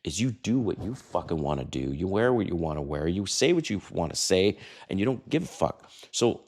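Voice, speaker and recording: Blunt, deep-voiced middle-aged man. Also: very animated, fairly quick, a little mellow. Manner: blunt and profane, mimics voices. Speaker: dating advice host. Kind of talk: casual vlog monologue.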